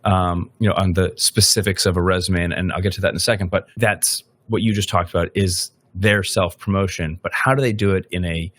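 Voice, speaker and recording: A man's voice: sits low, fairly even intonation, a little fast, few pauses, a bit bright, dry recording. A man hosting a podcast interview, thinking aloud and checking in with "right?" as he frames his questions. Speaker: podcast host.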